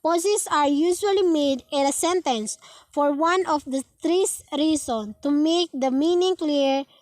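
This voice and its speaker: A woman's voice: high-pitched, a little slow, a little mellow, no room sound. A woman with a Filipino accent reading a lesson module aloud, stumbling and restarting words, moving between English and Filipino. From Philippines. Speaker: student presenter.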